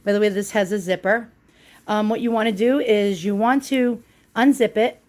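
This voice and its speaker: A woman's voice: medium pitch, steady tone, normal speed, darkish tone. A woman with a New York accent giving a casual how-to demonstration, chatty and full of ums and uhs. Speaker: product demonstrator.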